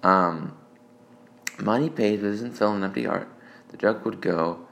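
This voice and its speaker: A man's voice: on the low side, big pitch swings, a little slow, vocal fry, a bit bright. A man alone with a phone voice memo, reading his old joke notes aloud, rambling, swearing and mocking himself. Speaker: amateur comedian.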